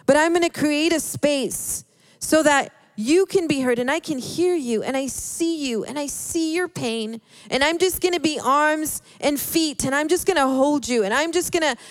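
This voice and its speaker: A woman preaching a sermon in an earnest, halting way, often restarting her words. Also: high voice, no room sound. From Hispanic background.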